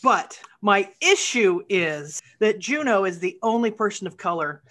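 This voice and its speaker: A woman's voice: medium pitch, lively intonation, measured pace, a bit bright. A woman co-hosting a casual chat, frank and outspoken in her opinions. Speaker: podcast co-host.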